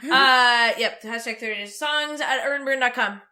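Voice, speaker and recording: A woman's voice: on the high side, a little fast, sharp tone. A woman co-hosting a podcast, teasing playfully in casual chat, with a cold. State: has a cold. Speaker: podcast co-host.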